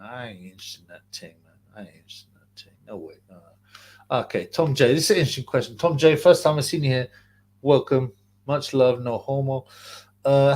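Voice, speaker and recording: Young man, casual streamer host, slangy rambler, middle-pitched voice. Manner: rambling and slangy, laughs often, trails off into mumbles. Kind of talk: casual live-stream chat reading donations and questions.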